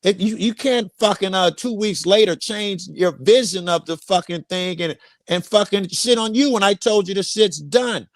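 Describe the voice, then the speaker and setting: A man's voice: high-pitched, moderate pace, hardly any pauses, no room sound, clean studio sound. A man co-hosting a podcast, in a heated, profane argument, pressing his partner with repeated questions. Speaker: podcast co-host.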